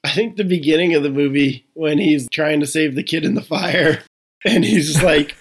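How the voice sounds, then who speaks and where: A man's voice: a little high, moderate pace, breathy edge. A man co-hosting a casual movie podcast, laughing and incredulous as he picks apart a scene. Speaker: podcast co-host.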